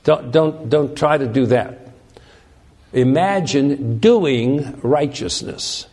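A man's voice: medium pitch, takes it slowly, a little mellow. A man teaching a sermon, reading scripture verses aloud and explaining them with frequent restarts. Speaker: preacher.

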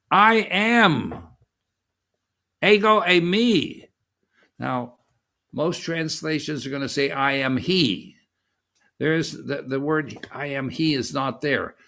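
A man preaching a sermon, talking in a halting way with many fillers and restarts. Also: mid-range voice, gravelly.

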